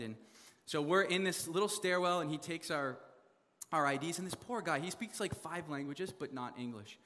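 A young man from Canada telling a funny story in a sermon, animated, laughing often and full of fillers. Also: fairly high pitch, big-room sound. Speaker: preacher.

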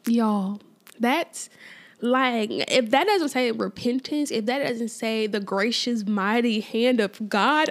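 A woman's voice: a little high, very slow. A woman hosting a casual faith podcast, talking informally with lots of fillers and repeated phrases for emphasis. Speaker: podcast host.

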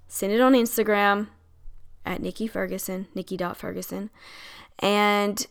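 A woman's voice: on the high side, a bit bright, smooth. A woman hosting her own podcast, giving chatty, encouraging advice on setting boundaries and laughing now and then. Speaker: podcast host and coach. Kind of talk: casual solo podcast advice.

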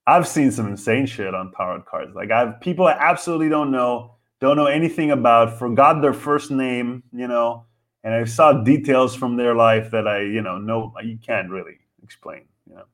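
A male comedian riffs through a casual podcast monologue at a middling pitch. He is animated and profane, piling up rhetorical questions. He jumps from loud bursts to near-mumbled asides. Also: moderate pace.

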